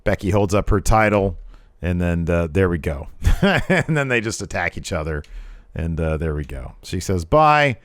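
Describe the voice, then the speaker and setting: Chatty, sarcastic man, low voice. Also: animated, normal speed, dry recording, studio quality. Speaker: wrestling video host. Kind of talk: casual commentary over footage.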